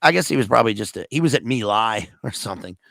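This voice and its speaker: A laid-back man guesting on a film podcast, his voice gravelly with a lot of vocal fry. He talks slangy and loose, checking in with a quick question tag. Close and dry on the mic. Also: lowish voice, lively intonation, fairly bright tone, dry recording. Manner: laid-back, slangy, says "dude" and "right?". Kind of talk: casual film-discussion chat.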